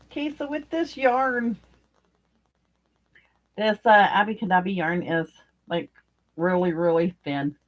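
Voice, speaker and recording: A woman's voice: medium pitch, takes it slowly, pauses often. A woman, older, chatting casually about her crochet as she works, rambling and thinking aloud with fillers. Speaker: crochet vlogger. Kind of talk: casual chat while crocheting. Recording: dull lo-fi home recording.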